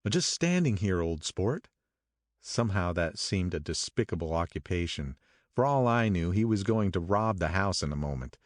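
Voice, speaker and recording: Deep-voiced male audiobook narrator. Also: moderate pace, no echo, clean studio sound. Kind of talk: scripted first-person narration.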